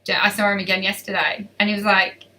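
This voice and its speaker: Woman, riding coach, live Q&A, chatty, upbeat, bright voice, slightly distant mic. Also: medium pitch, little pitch movement, fast. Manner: chatty, upbeat, reads out and answers viewer questions. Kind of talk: live-stream Q&A.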